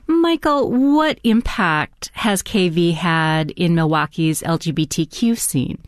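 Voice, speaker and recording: A woman hosting a radio interview, asking questions in a calm, measured way. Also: lowish voice, no echo, studio quality. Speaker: interview host.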